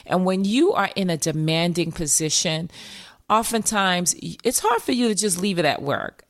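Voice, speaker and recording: A woman's voice: on the low side, moderate pace. A woman mental health therapist hosting a motivational podcast, speaking emphatically, repeating key phrases and calling her listeners "my friends.".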